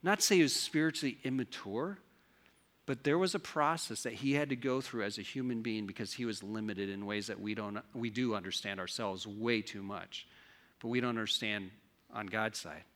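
A pastor preaching a sermon, asking his congregation rhetorical questions in an animated way. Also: lowish voice, moderate pace.

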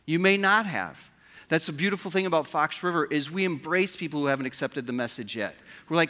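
A man's voice: on the high side, lively intonation, fairly quick, bright, forceful tone. A man preaching a sermon as pastor, conversational, asking his listeners rhetorical questions. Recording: long hall reverb.

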